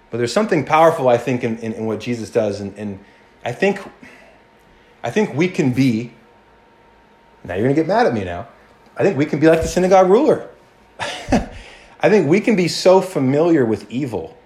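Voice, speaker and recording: A male pastor preaching a sermon in an animated, conversational way, often restarting and acting out quotes. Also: mid-range voice, moderate pace, long pauses.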